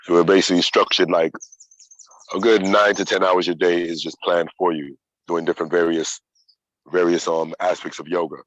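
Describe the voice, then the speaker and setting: A man's voice: low voice, level tone, normal speed, fairly bright tone, lo-fi sound. A man in his thirties candidly recounting a personal journey in casual, profane, reflective talk. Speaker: yoga practitioner sharing his story.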